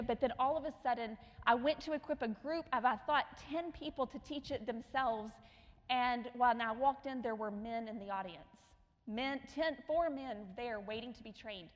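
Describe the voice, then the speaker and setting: A middle-aged woman with a fairly high voice tells stories in a sermon and acts out the lines of the people in them. Now and then she drops to a hushed tone. Her voice rings out in a hall with a long echo. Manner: storytelling with acted quotes, dropping to hushed tones. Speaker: missionary speaker. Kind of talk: sermon storytelling.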